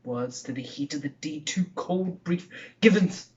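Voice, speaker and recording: A man performing a brooding Scottish murderer-king on the edge of a killing, his Scottish accent in every line. He sinks to whispers and then rises to declaim, at a slow, weighty pace in a slightly high register. The recording sounds dull and lo-fi. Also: recorded from a distance, natural voice. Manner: swings between hushed whispers and raised declaiming. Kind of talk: theatrical Shakespeare monologue.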